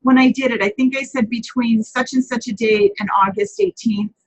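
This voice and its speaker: A woman's voice: on the high side, steady tone, moderate pace, husky, poor audio. A woman hosting a live papercrafting chat, talking casually, answering viewers by name and often correcting herself as she goes.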